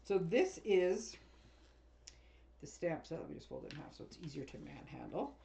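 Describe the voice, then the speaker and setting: A woman's voice: deep voice, very animated, moderate pace, gravelly, warm tone. A woman craft demonstrator chatting casually as she unboxes and sorts a paper craft kit, rambling and often laughing.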